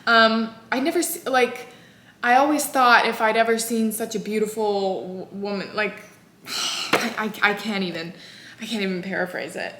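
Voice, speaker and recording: A woman in her twenties casually recapping a novel in an animated, exasperated way, full of "like". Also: mid-range voice, normal speed. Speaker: book vlogger. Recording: echoey room.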